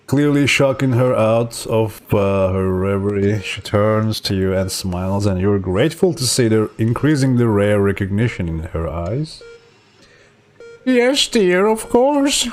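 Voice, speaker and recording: A man's voice: fairly low pitch, darkish tone. A young man streaming a game, reading its story text aloud with laughing, joking asides. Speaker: gaming streamer.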